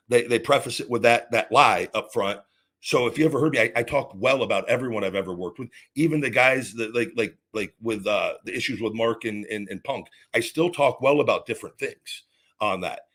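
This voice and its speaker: A man's voice: mid-range voice, a bit bright, breathy edge. A man hosting his own podcast, ranting angrily and profanely with frequent restarts and repeated words. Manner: angry, profane, repetitive restarts. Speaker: podcast host. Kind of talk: ranting monologue.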